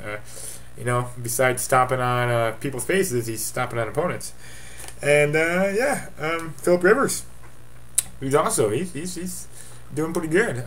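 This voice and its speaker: A man's voice: mid-range voice, fairly bright tone. A man giving a casual webcam update as commissioner of his fantasy football league, offhand and rambling with jokey asides.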